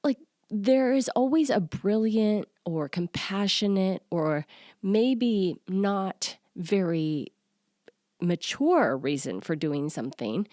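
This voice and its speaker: A woman in her forties, a self-worth coach, talking to listeners in an earnest, confiding way with soft laughs. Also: on the low side, dry recording, studio quality. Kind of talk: personal solo podcast talk.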